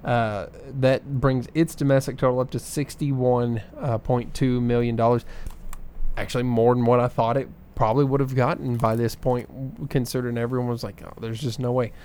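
A man's voice: mid-range voice, little pitch movement, moderate pace, dark tone, clean tone. Casual man reading off box office numbers. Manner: reads figures with filler ums and uhs. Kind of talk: casual chat.

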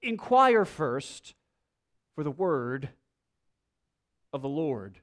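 A man's voice: fairly high pitch, very animated, drawn-out words, a bit bright, heavily acted. A pastor voicing an earnest ancient king in a raised, declaiming tone while reading scripture.

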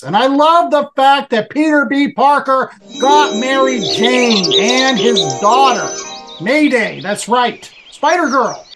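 A man's voice: very high voice, expressive, slow, music in the background. A man co-hosting a podcast, talking casually and enthusiastically, rambling with lots of fillers. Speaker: podcast co-host. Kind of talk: casual review chat.

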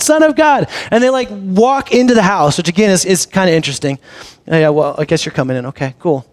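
A man preaching in a relaxed, conversational way, his voice sitting a little high for a man. He tells the story with animation and sometimes drops into a quiet, close tone. The sound is dry, with no room echo. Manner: drops to a soft, intimate low voice. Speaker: pastor. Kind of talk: sermon.

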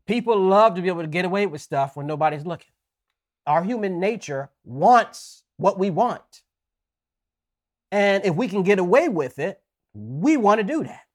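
A man preaching a sermon in a conversational way, often checking in with "right?" and reading scripture slowly with emphasis. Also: sits high, expressive. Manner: folksy asides.

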